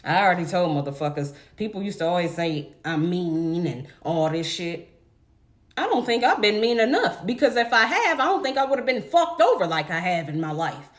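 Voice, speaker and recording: A woman's voice: lowish voice, very animated, normal speed. A young adult woman telling a story in a casual, blunt, profane rant to her viewers. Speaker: vlogger.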